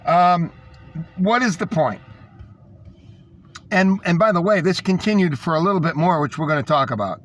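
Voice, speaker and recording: Man, high-pitched, scornful, rambling, repetitive, monologue rant. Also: lively intonation, normal speed, pauses often, fairly bright tone. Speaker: podcast host. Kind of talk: ranting monologue.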